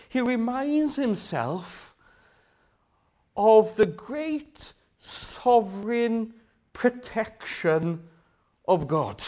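A man's voice: high-pitched, expressive, very slow, long pauses, a little mellow. A man preaching a sermon. He asks rhetorical questions, repeats phrases for emphasis and sometimes drops to a whisper.

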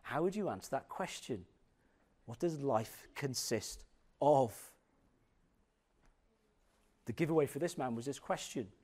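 A middle-aged man preaching with a fairly high voice. He talks expressively, then slows and softens to stress scripture. A sermon voice. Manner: expressive, drops to slow quiet emphasis on scripture.

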